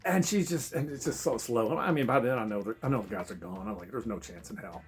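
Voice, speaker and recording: A man's voice: mid-range voice, quick pace, husky, soft background music. A man telling a travel story in a casual, profane way, laughing as he goes. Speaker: travel vlogger.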